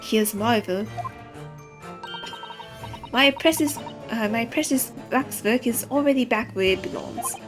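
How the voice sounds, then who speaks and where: A woman voicing a theatrical middle-aged French woman who runs a museum, with a put-on French accent and a halting, repetitive delivery. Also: on the high side, over music, close to an everyday voice. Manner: halting, repeating words.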